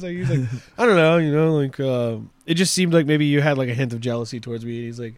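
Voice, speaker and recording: A man's voice: fairly high pitch, expressive, fast talker, dry recording. Laughing young male co-host telling stories. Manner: laughing storyteller, acts out quotes. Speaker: podcast co-host. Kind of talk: casual chat.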